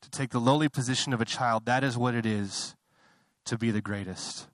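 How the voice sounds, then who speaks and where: Recorded dry with no echo, a young man delivers a sermon a little fast. He preaches conversationally, rising into fervent, high-pitched intensity, and keeps cutting himself off with apologetic asides.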